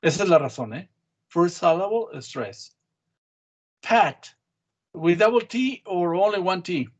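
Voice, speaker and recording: In an online English class, a man with a high-pitched voice and lively intonation drills his students on spelling. His prompts are short and patient, and he takes his time.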